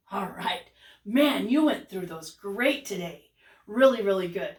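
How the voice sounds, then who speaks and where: A woman teaching a kindergarten class, with an animated, exaggerated sing-song delivery. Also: medium pitch, moderate pace. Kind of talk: lesson for young children. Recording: roomy echo, voice from a distance.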